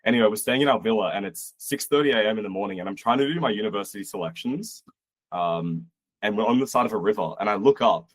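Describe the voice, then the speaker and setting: A young man from Australia tells a wild travel story with a low, husky voice. He talks casually and animatedly, slipping into the voices of the people he quotes. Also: fast talker, dry recording. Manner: animated, acts out quotes, swears. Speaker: podcast guest.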